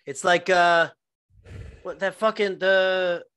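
A man's voice: sits high, fairly even intonation, slow, a bit bright, clean tone, dry recording, studio quality. A man co-hosting a casual podcast, talking in a laid-back, rambling way with fillers and swearing. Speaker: podcast co-host. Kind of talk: casual chat.

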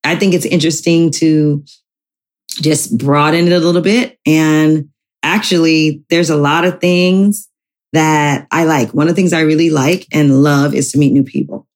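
A woman's voice: deep voice, fairly even intonation, moderate pace. A woman in her forties co-hosting a podcast, chatting casually and teasing her spouse with frequent laughter. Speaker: podcast co-host. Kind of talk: casual chat.

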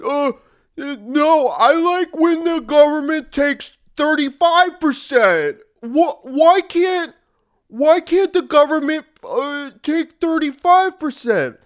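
A man mimicking a shrill whiny nag. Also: animated, takes it slowly, heavily acted. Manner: mocking, whining, repetitive. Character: whiny nagging male tax defender, high-pitched.

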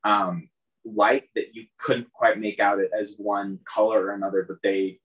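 A man's voice: on the low side, level tone, moderate pace, a bit bright, dull audio. A man narrating as game master of a tabletop game, loose and rambling with many fillers.

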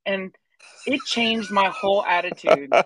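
A woman's voice: medium pitch, big pitch swings, a little slow, a bit bright, dry recording. A woman co-hosting a podcast, telling a personal story in casual chat and acting out the people she quotes. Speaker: podcast co-host.

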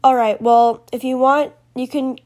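A woman's voice: sits high, fairly even intonation, unhurried, darkish tone. Woman reader as a casual, friendly young man. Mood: easygoing.

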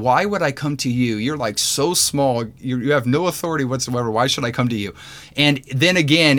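A man's voice: medium pitch, a bit bright. A man teaching in a podcast sermon, earnest and conversational, with many fillers and restarts. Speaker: podcast host and preacher.

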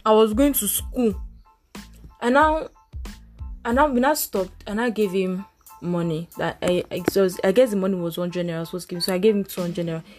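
A young woman with a Nigerian accent, telling lively stories in casual chat as a podcast co-host, often breaking into laughter. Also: medium pitch, fairly quick, faint music behind.

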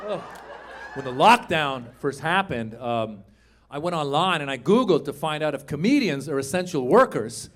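A man from Iran performing an animated stand-up comedy set on a club stage, shouting some punchlines. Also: a little high, normal speed, some chatter behind. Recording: live club recording with audience.

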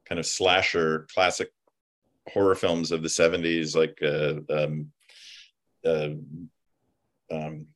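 A man, a film writer and producer, chatting casually and telling animated stories full of fillers and digressions. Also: rumbling low, takes it slowly, pauses often. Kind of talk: casual chat.

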